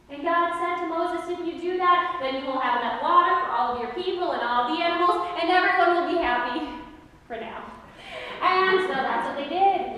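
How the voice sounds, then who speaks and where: A woman pastor telling a Bible story in an animated sermon, acting out the voices of its people. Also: very high-pitched, a little hiss or hum. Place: large church sanctuary. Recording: echoey hall from far off.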